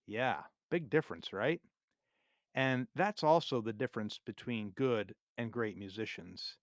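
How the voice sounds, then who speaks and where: A man teaching music theory for drummers in a scripted, measured, clearly explained lesson narration. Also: medium pitch, no room sound, studio quality. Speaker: drum teacher.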